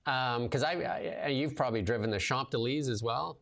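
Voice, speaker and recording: A man's voice: mid-range voice, a little fast. A man hosting a casual livestream chat, loose and talkative with lots of fillers as he tells stories. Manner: loose and chatty, many fillers, lively storytelling. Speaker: show host and commentator.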